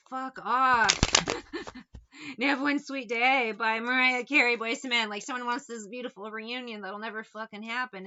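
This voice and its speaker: A woman's voice: fairly high pitch, bright, forceful tone, highs cut off, slight background noise. A woman giving a casual tarot reading, blunt and sarcastic, swearing freely as she talks through the cards. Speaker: tarot reader.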